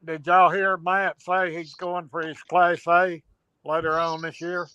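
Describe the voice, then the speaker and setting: A man's voice: on the high side, flat delivery, measured pace, bright, forceful tone, smooth, no room sound, highs cut off. A man chatting casually on a livestream, teasing the others in a friendly way. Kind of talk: casual chat.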